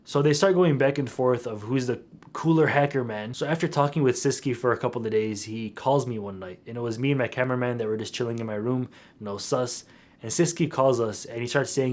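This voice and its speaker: Young dude vlogging a wild story, animated and slangy, mid-pitch voice. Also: male voice, brisk. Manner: animated, slangy, dramatic retelling. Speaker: YouTuber. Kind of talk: storytelling vlog.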